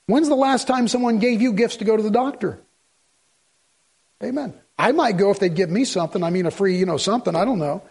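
Gravelly, husky high-voiced man preaching. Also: brisk, a little mellow. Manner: folksy, rambling, joking asides to the congregation. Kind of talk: sermon. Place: church in front of a congregation.

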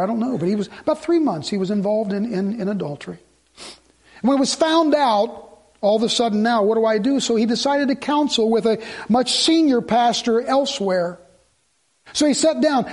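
A man preaching a sermon as pastor, swinging between loud urgency and hushed pleading. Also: very high-pitched, lively intonation, fairly quick.

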